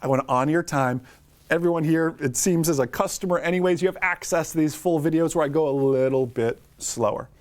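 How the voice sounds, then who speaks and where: A middle-aged man leads a live online class for drone pilots. He talks quickly and cheerfully, calls on viewers by name, and his voice sits a little high for a man.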